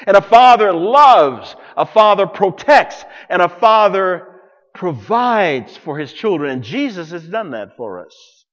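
Dramatic preacher man, lively high voice. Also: unhurried, in a large hall, highs cut off. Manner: dramatic preaching with big swings between loud and hushed. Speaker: pastor. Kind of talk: sermon.

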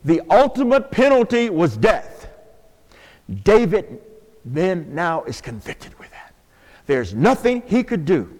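An older man preaching a sermon in a church, swinging from hushed, drawn-out pleas to loud calls to the congregation. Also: sits high, big pitch swings. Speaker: pastor. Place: church sanctuary. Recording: long hall reverb.

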